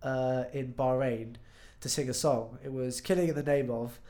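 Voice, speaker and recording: A young man talking casually on a podcast about his life as a musician. He is chatty and swears freely, and he laughs easily. His voice sits at an ordinary middle pitch. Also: steady tone, normal speed, warm tone. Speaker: musician guest.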